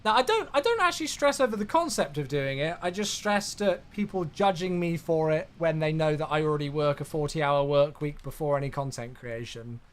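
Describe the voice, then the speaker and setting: A man's voice: fairly high pitch, lively intonation, brisk, hardly any pauses. A young man chatting casually on a live stream while flying a simulator, reacting aloud and answering viewers. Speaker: flight sim streamer.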